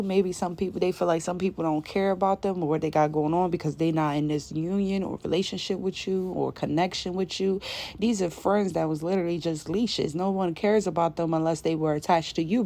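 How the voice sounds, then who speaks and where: A spiritual reader with a lowish, mellow voice delivers an intuitive message to her viewers. She speaks emphatically in casual, slangy language, repeating her points.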